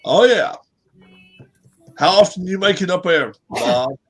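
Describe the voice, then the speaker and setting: High-pitched guy teasing his friend, folksy and joking. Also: lively intonation, husky, faint music behind. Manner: needling, folksy, quick to laugh. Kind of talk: casual banter.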